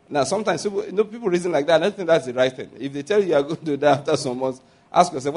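A man's voice: a little high, quick pace, darkish tone. A middle-aged man preaching a sermon, drawing the congregation into call-and-response and dropping humorous asides. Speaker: pastor.

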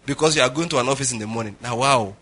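A man's voice: medium pitch, rapid-fire, sharp tone, husky. A Nigerian man preaching a sermon as pastor, telling humorous stories and acting out conversations. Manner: humorous storytelling, acts out dialogue, laughs often.

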